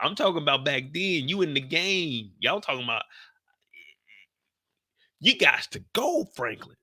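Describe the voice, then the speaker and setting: A man hosting a live after-show, talking in a loose, profane, animated way. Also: moderate pace. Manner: animated, profane, swings into high exclaiming bursts. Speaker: show recap host.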